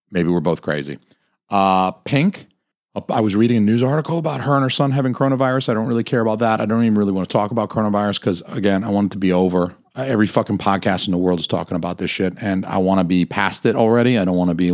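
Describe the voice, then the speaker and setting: Man, low voice, dry close mic, crude rambling solo podcast rant, swearing constantly. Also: no echo. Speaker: podcast host.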